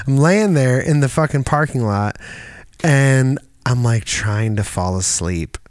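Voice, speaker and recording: A man spins loose, rambling stories in casual chat, dropping swear words and filler as he goes. His voice sits at an ordinary pitch, recorded dry and close with no room sound. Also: expressive, slow, dry recording. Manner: rambling, profane storytelling full of "like". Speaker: podcast co-host.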